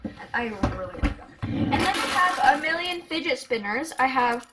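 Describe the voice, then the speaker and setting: Bubbly high-voiced female vlogger. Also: normal speed, very noisy. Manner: excitable and chatty, with giggles and gasps. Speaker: vlogger showing her toy collection. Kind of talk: casual show-and-tell vlog.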